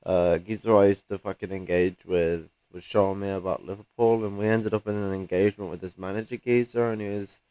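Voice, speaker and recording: A man's voice: fairly low pitch, steady tone, a little fast, few pauses, mellow, clean tone, dry recording. A man in casual chat, full of fillers and casual swearing.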